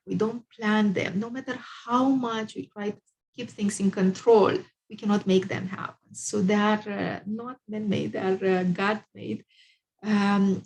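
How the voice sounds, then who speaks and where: A woman's voice: mid-range voice, darkish tone, rough recording. A woman therapist and author telling a spiritual parable, speaking hesitantly with many fillers.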